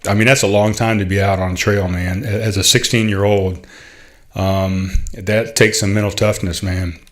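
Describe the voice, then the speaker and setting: Low-voiced man telling a story, halting. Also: fairly even intonation. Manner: halting, many fillers and restarts; heartfelt, proud. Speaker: podcast host. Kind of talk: casual storytelling monologue.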